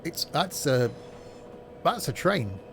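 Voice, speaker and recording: Male game streamer, fairly high, chatty and easily exasperated. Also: sing-song, fairly bright tone, slight background noise. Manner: chatty, self-mocking, quick to exasperation. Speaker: streamer playing a train simulator. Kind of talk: casual gameplay commentary.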